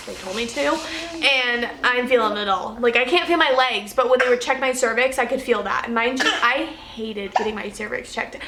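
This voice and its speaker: A woman's voice: on the high side, a bit bright, roomy sound, a little hiss or hum. A woman in her twenties telling a personal story to camera in a candid, chatty way, laughing often and acting out what people said. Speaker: NICU nurse.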